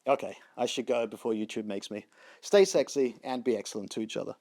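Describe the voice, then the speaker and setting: A man's voice: fairly low pitch, fairly quick, gravelly, a little mellow, no room sound, clean studio sound. A man hosting a comedy tech news show, delivering sarcastic, self-deprecating jokes. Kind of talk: comic tech news monologue.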